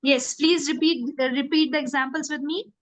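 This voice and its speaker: A woman's voice: high-pitched, fairly even intonation, moderate pace, fairly bright tone, dry recording, rough recording. A woman teaching a grammar class, repeating words patiently and asking students to repeat after her. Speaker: English teacher.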